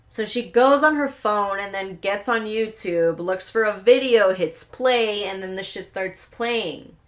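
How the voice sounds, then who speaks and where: A woman's voice: medium pitch, unhurried. A young woman hosting a solo podcast, telling rambling stories with lots of swearing and laughing asides. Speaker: podcast host. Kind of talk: casual solo podcast storytelling.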